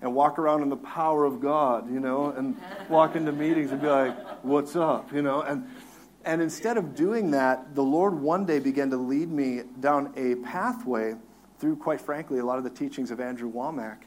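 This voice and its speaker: Animated male preacher telling a testimony. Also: medium pitch, normal speed. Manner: animated storyteller, laughs and acts out his own crying. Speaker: minister. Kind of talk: testimony on a talk show.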